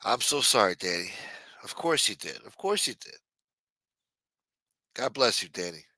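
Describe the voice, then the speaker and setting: A man's voice: fairly low pitch, very animated, normal speed, sharp tone, dry recording. A man hosting a late-night livestream, chatting casually and profanely while reading viewer messages. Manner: loose, profane, jokey banter reading viewer chats. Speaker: livestream show host.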